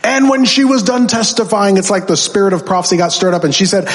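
A man with a fairly high voice preaches his testimony like a story, acting out the people he quotes. He builds to emphatic, ringing peaks. His voice carries a long reverb from a large hall. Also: quick pace, hardly any pauses. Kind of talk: sermon testimony.

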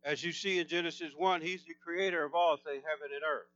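A man preaching a sermon, fervent and emphatic, his voice climbing higher as he gets excited. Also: fairly quick, no echo, highs cut off.

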